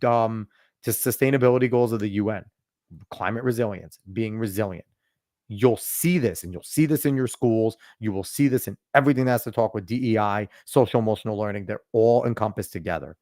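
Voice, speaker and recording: A man's voice: lowish voice, a little fast, a little mellow, dry recording. Man, podcast host, emphatic ranting, profane, dry close sound. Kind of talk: casual political chat.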